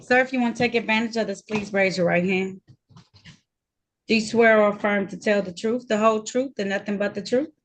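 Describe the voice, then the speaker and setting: A woman's voice: mid-range voice, steady tone, a little fast. A woman serving as judge in a court hearing held over a video call, talking in a firm, direct and sometimes scolding way.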